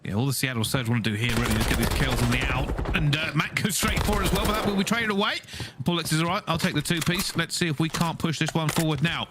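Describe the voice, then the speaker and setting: A man giving measured, analytical esports commentary in football-commentator phrasing. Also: a little high, fairly even intonation, very noisy. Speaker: esports caster. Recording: loud game gunfire behind. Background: game gunfire and clicks.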